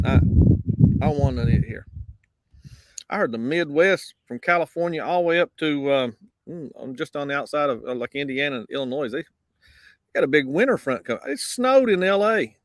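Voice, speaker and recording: A man's voice: medium pitch, very noisy. A man hosting a casual live morning show outdoors, easygoing and drawling his greetings to viewers. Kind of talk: casual live-stream chat. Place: outdoors on a windy day. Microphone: basic mic, no wind cancelling.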